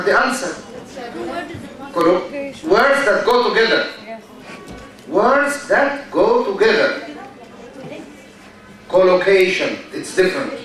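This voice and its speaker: A man's voice: high voice, a bit bright. A man giving a university lecture, repeating key words and often checking in with "okay?". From Egypt. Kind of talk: classroom lecture. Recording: echoey hall, mic far off.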